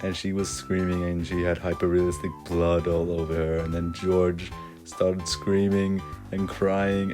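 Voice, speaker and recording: A young man with a low, dark, mellow voice recounts a mock horror story. He rambles in a deadpan way and strings everything together with "and then". Faint music sits behind him. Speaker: creepypasta parody narrator.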